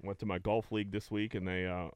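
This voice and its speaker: A man in his thirties from the Pittsburgh area, chatting on a podcast with a smooth, clear voice. He tells loose, rambling stories full of crude jokes. The sound is close and dry. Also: fairly low pitch, little pitch movement, quick pace, no echo. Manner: rambling, laid-back storytelling with crude jokes. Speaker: podcast co-host. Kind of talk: casual chat.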